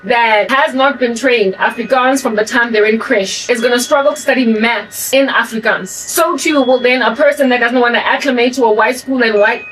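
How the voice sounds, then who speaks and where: A woman's voice: fairly high pitch, moderate pace, hardly any pauses, fairly bright tone, far from the mic, a little hiss or hum, poor audio. A woman in her forties from South Africa, her accent mixed with American sounds, delivering an emphatic, rambling monologue full of restarts. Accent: South African with American influence. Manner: rambling, emphatic, self-correcting. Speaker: channel host. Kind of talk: ranting monologue.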